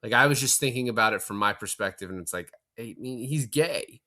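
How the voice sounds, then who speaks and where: A man's voice: medium pitch, fairly quick, pushed and bright. A man co-hosting a podcast, chatting casually about a movie and swearing freely as he retells scenes. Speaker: podcast co-host. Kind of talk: casual film-review chat.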